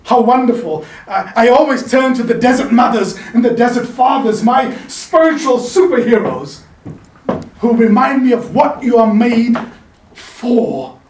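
A man preaching a sermon in a chapel, animated and playful, calling on the congregation to answer him. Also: very high voice, a little slow, a little hiss or hum. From South Africa. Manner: animated, playful, calls for audience response. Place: chapel in the mountains. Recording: echoey chapel, voice from a distance.

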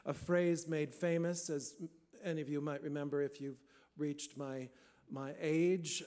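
A man's voice: a little high, darkish tone. A man in his sixties, a priest, giving a folksy, playful sermon in a church with sudden emphatic swells. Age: 60s.

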